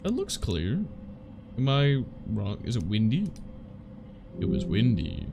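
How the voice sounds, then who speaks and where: A male streamer narrates his gameplay and chats loosely with viewers, rambling and filling gaps. His voice is gravelly and unhurried, swinging widely in pitch. A faint hiss sits behind the recording. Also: huge pitch swings. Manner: chatty, rambling, with frequent fillers. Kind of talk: live gameplay commentary.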